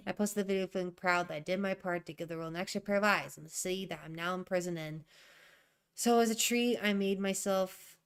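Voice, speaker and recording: A woman's voice: fairly low pitch, clear, resonant tone. A young woman thinking aloud while she edits a draft, rereading her sentences and ranting in asides. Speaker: writer streaming a writing session.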